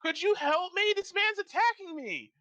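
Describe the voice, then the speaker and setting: A man voicing a frightened young woman in a tabletop game, squealing and shrill. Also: big pitch swings, normal speed, sharp tone, lo-fi sound, full character voice. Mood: terrified.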